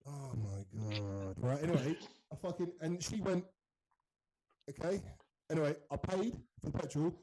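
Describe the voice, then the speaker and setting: A man's voice: fairly high pitch, moderate pace, few pauses, mellow, poor audio. A man in casual podcast chat, telling stories animatedly and swearing freely. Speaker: podcast host.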